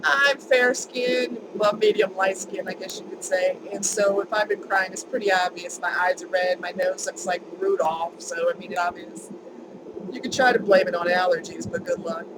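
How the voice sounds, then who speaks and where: A woman's voice: on the low side, steady tone, moderate pace, noisy background. A woman vlogger telling a personal story in a chatty, emphatic way, repeating words for stress.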